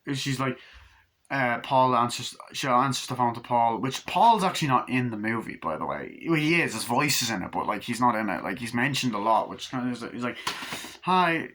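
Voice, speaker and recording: Man, casual movie reviewer, bright tone, excitable, swears freely. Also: mid-range voice, fairly quick, a little hiss or hum. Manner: excited, rambling, swears a lot, acts out scenes.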